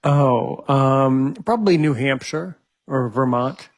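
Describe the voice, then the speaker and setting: A man's voice: medium pitch, slow, no echo. A man hosting a casual chat, mostly answering in short, curious replies. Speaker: host.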